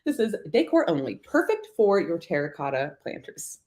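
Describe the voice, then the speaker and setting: A woman's voice: fairly low pitch, very animated, normal speed, a little mellow, roomy sound. A woman chatting casually and upbeat to viewers about her thrift finds. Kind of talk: casual haul vlog.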